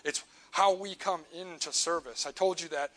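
A man preaching a sermon to his church, earnest, rising on key points and sinking quiet at the ends of lines. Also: fairly high pitch, moderate pace, poor audio. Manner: earnest, builds up then drops to a quiet close on key lines.

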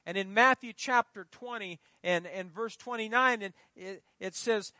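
A middle-aged man preaching in a church, his voice pitched very high for a man and swinging widely in an animated delivery. His tone is bright and forceful, and the sound is close and dry. He presses points hard and pauses to let the congregation call out the next word. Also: dry recording. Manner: emphatic preaching, prompting the congregation to fill in words. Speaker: pastor. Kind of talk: sermon.

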